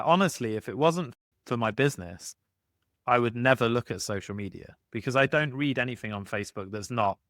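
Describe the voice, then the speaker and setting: A man co-hosting a casual podcast conversation. He talks in an animated way, often restarts his sentences and acts out his anecdotes. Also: on the low side, no room sound, studio quality. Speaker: podcast co-host.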